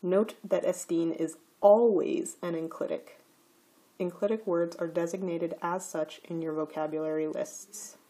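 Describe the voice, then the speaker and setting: A woman teaching a recorded slide lecture, explaining grammar rules slowly and carefully. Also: fairly low pitch, fairly even intonation, mellow, husky.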